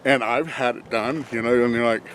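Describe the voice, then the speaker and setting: A man's voice: medium pitch, steady tone, fairly quick, a bit bright, a little hiss or hum. A man casually rambling through a vlog outdoors beside his truck, chuckling and talking to himself as he works. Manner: rambling, chuckling, talks to himself while working. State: out of breath from bending over. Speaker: vlogger reviewing a truck job.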